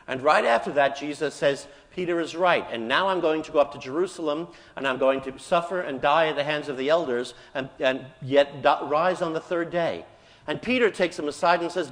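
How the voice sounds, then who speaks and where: Priest preaching in an echoing church. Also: male voice, mid-range voice, a bit bright. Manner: storytelling, acting out quoted lines with raised voice. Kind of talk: sermon. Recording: church hall reverb.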